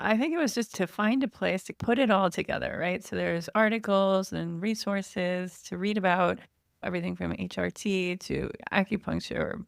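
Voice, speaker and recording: As a podcast guest in a casual interview chat, this online store founder in her 40s explains things in a chatty way, laughing lightly. Her lowish voice carries vocal fry, and the clean studio sound has no echo.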